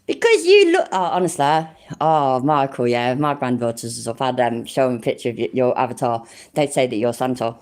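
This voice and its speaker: A woman's voice: very deep voice, steady tone, normal speed, a little mellow. An older woman hosting a casual live stream, chatting to her viewers, swearing freely and calling them love and mate. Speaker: livestream host.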